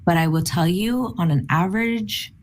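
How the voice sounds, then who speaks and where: Upbeat, lower-voiced woman sales trainer. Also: moderate pace. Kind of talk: teaching a sales training session.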